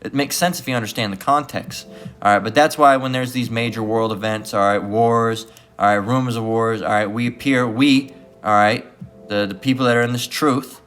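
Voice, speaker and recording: A man's voice: mid-range voice, steady tone, moderate pace, a bit bright. Man, religious commentary vlog, rambling, repeats himself, filler words, faint music behind. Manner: rambling, full of "all right" fillers and repeats.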